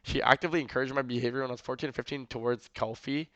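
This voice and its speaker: A man's voice: mid-range voice, steady tone, racing, bright, forceful tone, dry recording, dull audio. A man streaming casually, reacting to messages he reads aloud, rambling with lots of filler words and swearing.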